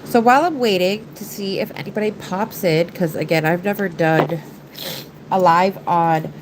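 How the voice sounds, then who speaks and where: A woman with a lowish voice hosts a nail art live stream at normal speed against a noisy background. Congested and nasal, she chats casually and rambles on in typical live-stream fashion.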